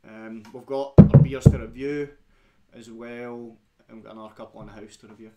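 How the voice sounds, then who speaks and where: A man's voice: medium pitch, fairly even intonation, fairly quick, dark tone. A young Scottish man hosting a casual beer-drinking stream, full of rowdy, sweary banter. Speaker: stream host. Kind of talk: casual chat.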